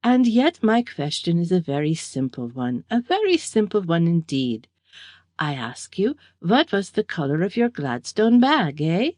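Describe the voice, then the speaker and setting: A woman's voice: mid-range voice, animated, measured pace, hardly any pauses, darkish tone, dry recording, clean studio sound, lightly acted. A woman voicing a sinister, gaunt German-American man who needles with a mocking "eh?" in an audiobook. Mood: insinuating. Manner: needling, repeats himself with a mocking "eh?".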